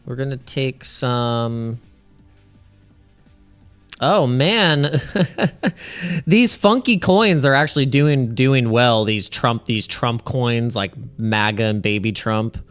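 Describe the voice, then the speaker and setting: A man's voice: mid-range voice, clean tone. A man hosting a casual crypto livestream, rambling, restarting his sentences and laughing at his own jokes.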